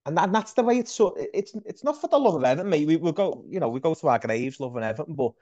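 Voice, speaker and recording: A man's voice: on the high side, lively intonation, fast talker, a little mellow. A man, co-hosting a casual football podcast, rambling and ranting with lots of restarts. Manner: rambling, ranting, many restarts, says mate a lot. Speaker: podcast co-host. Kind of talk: casual chat. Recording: lo-fi dull sound.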